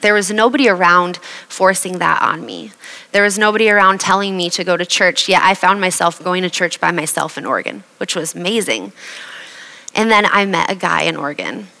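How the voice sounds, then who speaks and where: A young woman from Iowa giving an earnest, emotional personal faith testimony at a slow, heartfelt pace. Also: lowish voice, bright, forceful tone, big-room sound, poor audio. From Iowa, USA.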